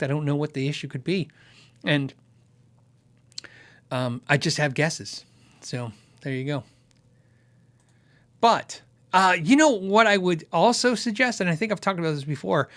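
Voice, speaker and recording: A man's voice: fairly high pitch, fairly bright tone. A man hosting a casual livestream, answering viewer questions about gear in a chatty, rambling way. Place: Arizona.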